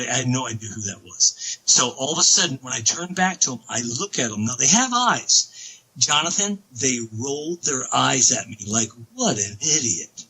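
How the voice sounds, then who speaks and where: A man telling a long story as a podcast guest, excitable and rambling, with many restarts. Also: mid-range voice, breathy edge, poor audio. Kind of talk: casual storytelling.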